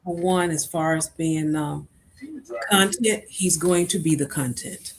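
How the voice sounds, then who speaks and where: A guest on a live stream call giving brief, measured answers. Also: mid-range voice, fairly even intonation. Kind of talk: casual live stream chat.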